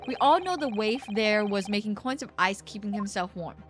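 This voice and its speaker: A woman's voice: mid-range voice, expressive, moderate pace, lightly acted. A woman reading the lines of a suspicious, gossipy male juror from a courtroom game, in a sly, insinuating tone, with game music behind.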